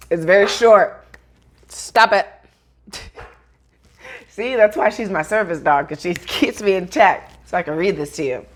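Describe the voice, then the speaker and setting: A woman's voice: lowish voice, a little slow, long pauses, slight background noise. A woman vlogger talking straight to her viewers, earnest and close to tears, with casual swearing. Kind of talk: emotional talk to camera.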